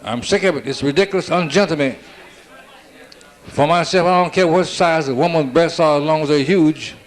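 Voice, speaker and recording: A man firing off stand-up one-liners. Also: fairly high pitch. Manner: rapid-fire joke telling with "I said, she said" setups. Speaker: stand-up comedian.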